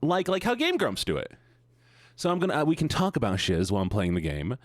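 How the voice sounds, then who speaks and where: A man's voice: medium pitch, wildly swooping pitch, a little fast, dry recording. A man streaming, greeting his viewers in a playful, sing-song, teasing way. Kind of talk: casual chat greeting viewers.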